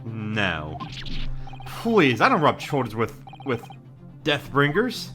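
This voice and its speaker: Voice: medium pitch, wildly swooping pitch, takes it slowly, music in the background. A player reading a game's young male law student acting as defense lawyer, earnest and a little stammering. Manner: hesitant, stammering.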